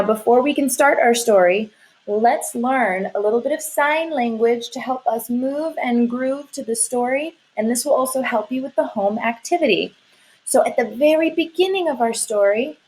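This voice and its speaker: A woman's voice: on the high side, a little mellow, rough recording. A woman teacher leading a lesson for young children, sing-song and encouraging, stretching her words out.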